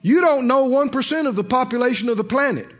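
A preacher delivering an emphatic sermon, rising at times to hollering, on a dull lo-fi recording. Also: male voice, very high voice, quick pace.

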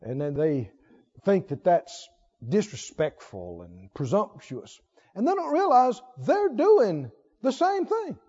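A man's voice: high voice, big pitch swings, slow pace, warm tone, big-room sound, muffled recording. A man preaching a sermon, drawing out phrases, singing lines and leading the congregation in call-and-response. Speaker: pastor.

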